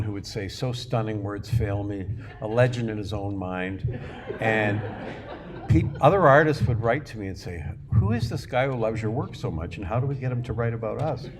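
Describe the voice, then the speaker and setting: Older male lecturer, low-pitched, chatty anecdotal storyteller, wry and self-mocking; noisy room recording. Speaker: guest lecturer, artist.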